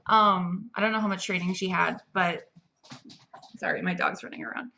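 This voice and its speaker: A woman's voice: lowish voice, steady tone, moderate pace, bright, forceful tone, lo-fi sound, a little hiss or hum. A young adult woman giving a casual, rambling movie review, chatty and full of fillers and restarts. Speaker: film reviewer.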